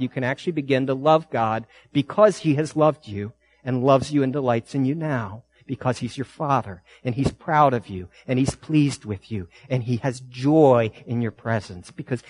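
A man preaching a sermon in a conversational, animated way, with emphatic rises in his voice. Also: medium pitch.

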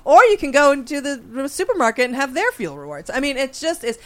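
A woman co-hosting a comedy podcast, bubbly and quick to laugh while she plays along. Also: high-pitched, big pitch swings, fairly bright tone. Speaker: podcast co-host.

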